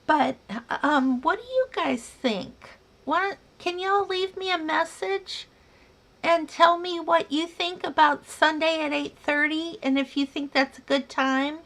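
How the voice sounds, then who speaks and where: A woman's voice: high-pitched, fairly bright tone. A woman hosting a casual yarn livestream, chatting with viewers, reading their comments aloud and calling them dear and sweetheart. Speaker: yarn crafting livestream host.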